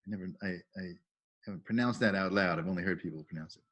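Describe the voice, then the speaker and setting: A man's voice: sits low, fast, a bit bright. A middle-aged man hosting a video call training, casually welcoming people and cheerfully reading out chat messages with praise. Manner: enthusiastic, reads out chat messages with upbeat praise. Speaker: volunteer trainer and call host.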